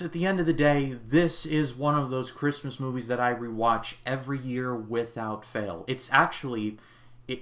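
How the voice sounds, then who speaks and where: A man's voice: medium pitch, a bit bright. Chatty young man reviewing a film. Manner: chatty, heavy on "like" fillers, earnest. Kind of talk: casual movie review.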